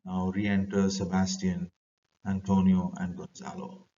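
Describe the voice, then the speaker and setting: A man's voice: deep voice, monotone, measured pace, mellow. A man with an Indian accent teaching a class, reading lines from a play aloud and then explaining them in plain words. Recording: distant dull lo-fi recording.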